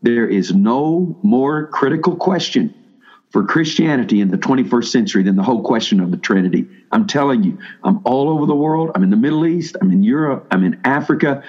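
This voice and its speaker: A man with a mid-range, slightly mellow and a bit rough voice preaches to seminary students in an animated, brisk manner. The pastor keeps things casual with frequent restarts and questions to listeners. The audio is dull.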